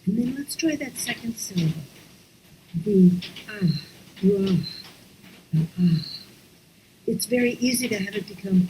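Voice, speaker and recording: A woman teaching a breathwork class online, talking slowly and softly and often dropping into whispers. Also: mid-range voice, expressive, a little hiss or hum, low-quality recording. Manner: slow, soft-spoken, drifting into whispers. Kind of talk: guided breathing lesson. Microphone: online class, computer mic.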